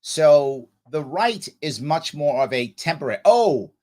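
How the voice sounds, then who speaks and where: A man's voice: on the high side, a little slow, darkish tone. A man hosting a casual livestream Q&A, telling stories animatedly and acting out other people's voices. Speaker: livestream host answering viewer questions.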